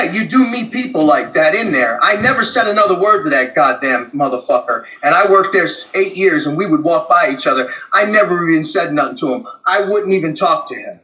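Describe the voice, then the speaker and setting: A man's voice: a little high, animated, a little fast, hardly any pauses, pushed and bright, echoey room, poor audio. A man who worked as a prison guard, telling stories bluntly and profanely in a candid conversation, with many restarts. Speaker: former prison guard, guest.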